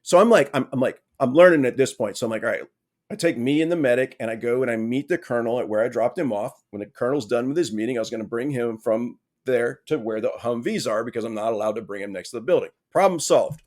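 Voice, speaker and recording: A man on a podcast telling a long anecdote in a casual way, with lively, self-mocking humor and frequent "right?" asides. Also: medium pitch, fast talker. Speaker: podcast guest.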